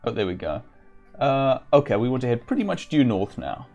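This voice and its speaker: A man giving casual let's-play commentary while slightly ill, chatting and reading game text aloud with occasional throat clearing. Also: mid-range voice, big pitch swings, fairly quick, a little mellow, soft background music. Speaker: streamer.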